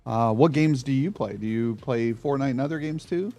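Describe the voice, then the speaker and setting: A man's voice: medium pitch, normal speed, darkish tone, no echo. A middle-aged man from Tennessee hosting a podcast interview, rambling and chatty with lots of fillers. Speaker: podcast host. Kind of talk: casual interview chat.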